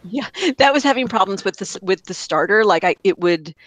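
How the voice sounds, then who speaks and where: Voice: mid-range voice, lively intonation, brisk, a bit bright, no room sound, rough recording. A podcast co-host chatting casually and enthusiastically about fixing up old arcade machines, with lots of fillers and restarts.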